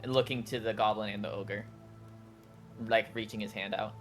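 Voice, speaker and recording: A man's voice: on the low side, fairly even intonation, moderate pace, faint music behind. A man playing in a tabletop game, chatting casually and correcting himself as he goes. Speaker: player.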